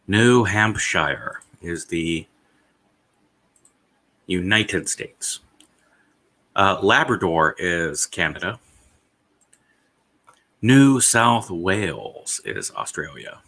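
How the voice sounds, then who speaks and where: Man streaming, casual rambling chatter, deep voice, bright tense edge, swears, lots of uh. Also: big pitch swings, drawn-out words, gravelly, pauses often. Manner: rambling, profane, thinking aloud with many "uh"s.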